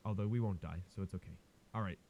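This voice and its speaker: A man hosting a gaming video, giving casual, excitable commentary as he plays. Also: low-pitched, fast, muffled recording, a little hiss or hum. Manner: excitable, cheers and yelps at close plays.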